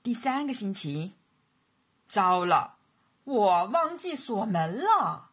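Slow husky woman teaching English. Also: medium pitch, big pitch swings. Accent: Mandarin Chinese. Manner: slow, clear model sentences repeated for learners. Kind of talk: language lesson narration.

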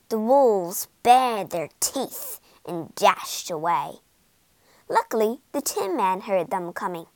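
A woman reading a storybook aloud slowly and clearly for English learners, with expressive delivery. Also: medium pitch, dry recording.

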